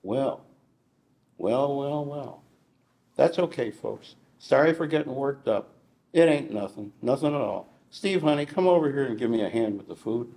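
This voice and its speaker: An elderly woman from Mississippi, outspoken and earnest, talks in a folksy, dialect-heavy way, as a man reads her from his novel. Her voice sits at a middling pitch. It is heard in a room with a lot of echo. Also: animated, normal speed, creaky, dark tone. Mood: fussing. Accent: Mississippi Southern. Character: older Southern woman cook, earnest and outspoken. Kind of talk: reading aloud from a novel. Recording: echoey room.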